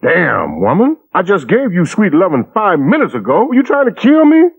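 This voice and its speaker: Drawling cartoon cook; wildly swooping pitch, dull lo-fi clip. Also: male voice, wildly swooping pitch, moderate pace, breathy edge, heavily acted. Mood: teasing.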